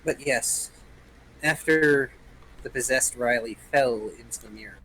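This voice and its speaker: A man's voice: medium pitch, unhurried, sharp tone, slight background noise, low-quality recording. A man running a tabletop role-playing game, narrating the story dramatically and joking with his players. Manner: storytelling, playful asides. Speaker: game master.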